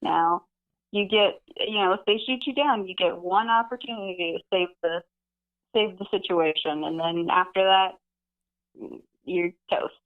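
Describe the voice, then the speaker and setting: A woman's voice: on the low side, unhurried. A woman calling in to a live stream, chatting with wry, dry humor. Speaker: caller. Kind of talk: call-in chat. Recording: tinny phone line.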